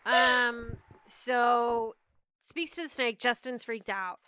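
A woman co-hosting a podcast, recapping a book chapter in animated, casual chat. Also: on the high side, slow, a little hiss or hum. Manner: animated storyteller, acts out quotes. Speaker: podcast co-host.

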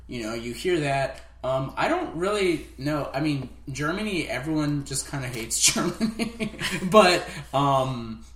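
Hesitant co-host in an echoey room. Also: male voice, mid-range voice. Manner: relaxed, hesitant, many fillers. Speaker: podcast co-host. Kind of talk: casual chat.

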